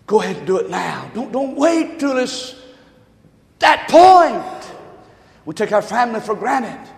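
High-voiced preaching man in echoey church. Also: sing-song, unhurried, creaky. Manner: impassioned preaching, swinging between shouts and low asides, joking. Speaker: pastor. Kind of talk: sermon. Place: church sanctuary.

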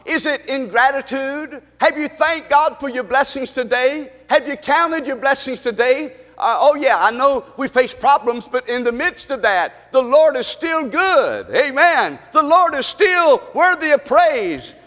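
A man's voice: very high-pitched, expressive, unhurried, hardly any pauses, a bit bright. A man, a pastor preaching a sermon in a church, calling out to the congregation with a rising and falling delivery. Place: church sanctuary. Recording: live stream with long hall reverb.

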